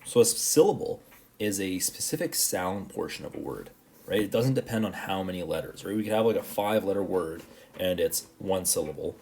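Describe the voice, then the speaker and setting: A man teaching a recorded class lesson, explaining slowly and patiently and checking in often with "right?". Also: low voice, a little mellow, slight background noise.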